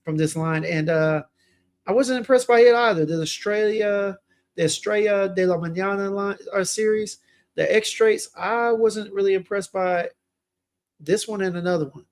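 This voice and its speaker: A man's voice: high voice, normal speed. A young man hosting a fragrance livestream, chatting casually and reading viewer comments aloud in a laid-back way.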